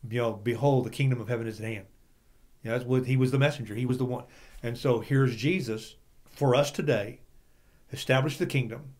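A man leads a relaxed Bible discussion with a conversational, chatty delivery. He leans on small fillers and keeps the tone informal. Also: medium pitch. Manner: loose and chatty, leans on "you know". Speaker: Bible class leader.

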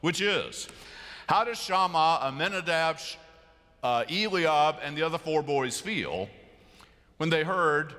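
A middle-aged man preaching a sermon in a large church, telling stories with sudden loud bursts and sharp shifts in volume. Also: on the high side, lively intonation, unhurried. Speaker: pastor. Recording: long church reverb.

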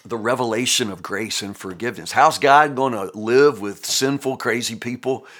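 A man giving a daily devotional Bible teaching, animated and emphatic, swinging from loud bursts to hushed asides and often tagging "you know?". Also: medium pitch, moderate pace.

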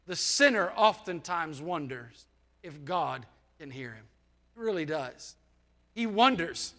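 A man's voice: high-pitched, pushed and bright. A man preaching a sermon in a folksy, conversational way, asking the congregation rhetorical questions. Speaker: pastor. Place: church.

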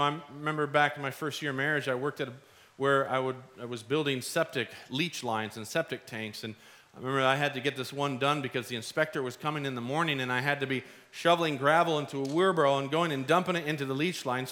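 Pastor, male, young adult; earnest, chatty sermon delivery, bright voice. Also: on the high side. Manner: earnest, conversational preaching with acted-out asides.

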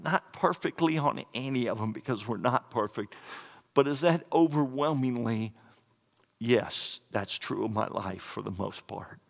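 A man's voice: mid-range voice, unhurried, gravelly. A middle-aged man preaching a sermon as pastor, earnest and plainspoken, with quoted asides. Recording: echoey hall with long reverb.

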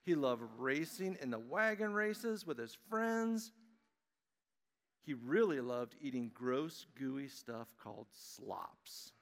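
A man giving a children's message in church, reading a storybook aloud to children in a friendly, animated way. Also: mid-range voice, takes it slowly. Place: church sanctuary. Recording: long church-hall reverb.

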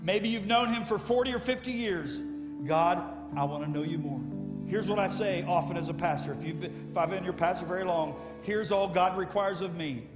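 A middle-aged pastor preaches with feeling, his fairly high voice lifting into eager storytelling. He is recorded in a big echoing church room. Gentle guitar music plays underneath. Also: fairly quick, few pauses. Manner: emotional, storytelling with rising excitement. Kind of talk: sermon. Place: church sanctuary. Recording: echoey church hall with music. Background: soft guitar music.

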